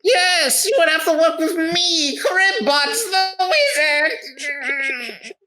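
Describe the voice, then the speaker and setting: A woman's voice: lively intonation, extremely slow, over a noisy crowd, heavily acted. A woman voicing a theatrical male wizard shopkeeper who talks like a pushy salesman. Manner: grandiose, sales-pitch delivery.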